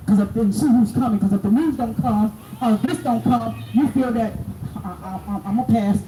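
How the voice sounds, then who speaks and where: A bereaved middle-aged woman with a higher voice speaks briskly and angrily to a crowd at a city hall protest, her words raw with grief. The recording is outdoors, distant, noisy and echoey.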